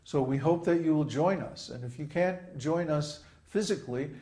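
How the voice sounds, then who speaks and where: A man's voice: fairly high pitch, moderate pace, mellow. A man giving an informal spiritual talk, chanting examples aloud and often stopping to ask "huh?". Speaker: spiritual teacher. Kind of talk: informal sermon. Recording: roomy echo.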